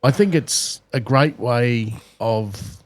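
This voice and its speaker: A man's voice: medium pitch, takes it slowly. A middle-aged Australian man, a podcast co-host, telling travel stories bluntly with constant swearing in casual chat. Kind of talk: casual pub-style chat.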